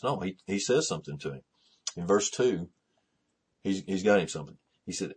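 A man's voice: low voice, lively intonation, brisk, husky. A man preaching a sermon in a conversational, repetitive way, with many restarts, who rises to fervent emphasis.

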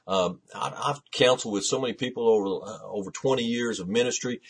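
A man's voice: fairly low pitch, brisk, husky. A middle-aged male pastor preaching a sermon, building intensity with pointed rhetorical questions.

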